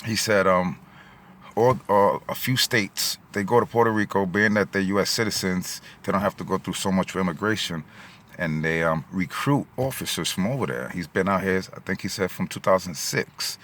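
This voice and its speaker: A man's voice: deep voice, normal speed, fairly bright tone, a little hiss or hum. A middle-aged man with a New York accent, telling a story in a casual vlog. He rambles with many fillers and gets emotional. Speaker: vlogger. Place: in and around his car at a gas station.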